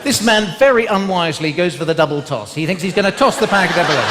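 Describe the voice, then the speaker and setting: Very animated and quick, with few pauses, this high-voiced comedian from the West Country of England plays a large live theatre. He jokes with the crowd through teasing tag questions, captured in a live hall recording full of audience laughter.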